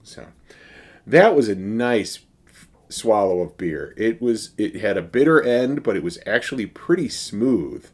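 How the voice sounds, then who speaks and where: Low-voiced man rambling through a beer review. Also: expressive, a little slow, a little mellow. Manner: rambling, wry, many fillers. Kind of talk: casual beer review vlog.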